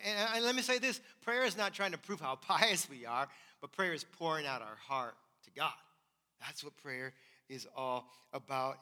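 A pastor preaching in a church with a high, bright, forceful voice. He talks conversationally and with emphasis, tossing "right?" to the congregation, and a long reverb hangs in the hall. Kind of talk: sermon. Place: church sanctuary.

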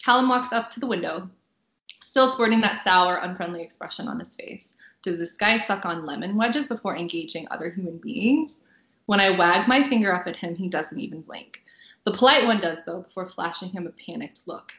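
A woman's voice: fairly low pitch, lively intonation, normal speed, fairly bright tone, lo-fi sound. Bubbly woman reading in an echoey room. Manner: bubbly, laughs often, reads with dry punchy delivery. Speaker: author. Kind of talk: reading her novel aloud on a podcast.

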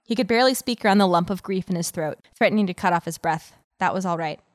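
A woman's voice: lowish voice, fast talker, dry recording, clean studio sound. A woman reading a story aloud as a podcast host, breaking off into giggly, chatty asides.

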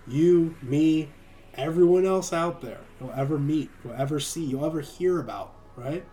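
A man's voice: on the high side, moderate pace, warm tone, slight background noise. Earnest man preaching on a livestream. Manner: earnest, keeps asking "right?". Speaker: streaming preacher. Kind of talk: livestream sermon.

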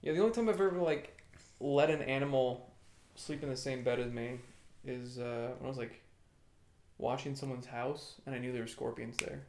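A young man co-hosting a casual chat, crude and joking, with a gravelly voice. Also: mid-range voice, normal speed, darkish tone, echoey room. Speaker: podcast co-host.

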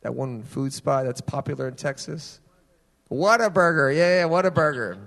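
A young adult man preaching a sermon, telling personal stories in a casual, animated way. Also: fairly high pitch, moderate pace, creaky. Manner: animated storytelling, casual phrasing. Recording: long hall reverb.

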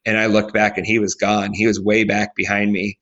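A man in his forties from Alaska, a guest athlete telling his story in a podcast interview, animated, acting out quotes and restarting often. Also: lowish voice, brisk, highs cut off. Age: 40s.

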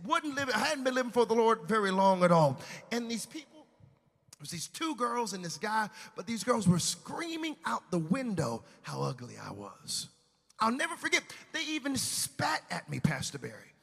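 A man preaching a sermon, telling a personal testimony with emotional storytelling that swings between loud and hushed. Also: high voice, very animated, normal speed, gravelly, in a large hall.

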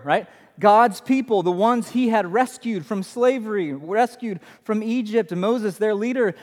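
Animated preaching man in reverberant church. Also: high-pitched. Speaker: pastor. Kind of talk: sermon. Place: church sanctuary. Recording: long hall reverb.

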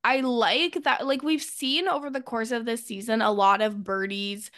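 A woman co-hosting a podcast, chatting casually and loudly as she recaps a TV episode and acts out the characters' lines. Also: on the high side, moderate pace, no room sound, clean studio sound. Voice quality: loud. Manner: animated, acts out characters' lines when retelling. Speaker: podcast co-host.

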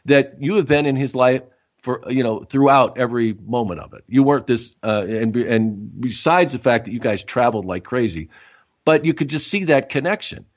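A man hosts a casual conversation, starting and restarting his thoughts and affirming his guest often. His middle-pitched voice sounds a little dull and lo-fi. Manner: halting, encouraging, many yeahs. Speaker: host. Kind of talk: casual interview chat. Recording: dull lo-fi audio.

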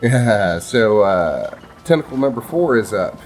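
A man narrating a tabletop game as game master, halting, with many ums and uhs. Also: lowish voice, big pitch swings, a little mellow, soft background music.

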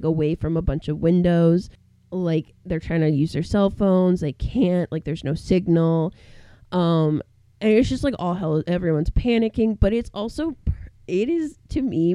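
Woman podcast co-host, chatty film recapper, dark low voice, dry close sound. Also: smooth, no echo. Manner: animated storyteller who acts out characters in quotes, many "like" fillers. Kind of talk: casual chat recapping a film.

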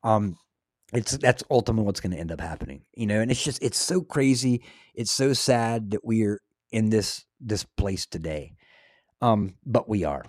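A man hosting a casual religious talk show, speaking with earnest, excitable preaching energy. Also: on the low side, normal speed, dry recording, clean studio sound. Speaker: host.

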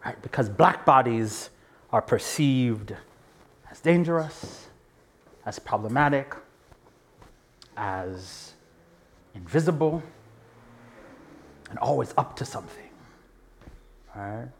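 A man giving a reflective public talk, earnest and animated, often laughing and checking in with his listeners, sometimes dropping to a hushed near-whisper for emphasis. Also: mid-range voice, slow pace, pauses often, husky. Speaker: speaker.

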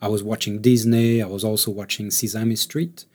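With a lowish, slightly breathy voice at a normal speed, a man chats as an interview guest; he's an actor and a native French speaker. The conversation is casual, and he stays relaxed, laughing often and using plenty of fillers and restarts.

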